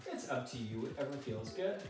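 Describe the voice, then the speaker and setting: A man's voice: mid-range voice, lively intonation, a little fast, recorded from a distance. A man from a French-speaking background leading a kids' workout at home, upbeat and encouraging as he counts reps and guides stretches. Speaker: kids fitness instructor. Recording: echoey room, mic set back, faint music.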